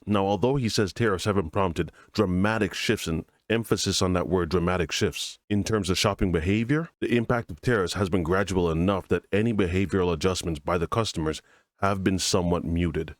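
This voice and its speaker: A man's voice: low-pitched, no echo, clean studio sound. A man hosting a solo commentary show, explaining and arguing over news clips. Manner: explanatory, argumentative. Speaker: political commentary host.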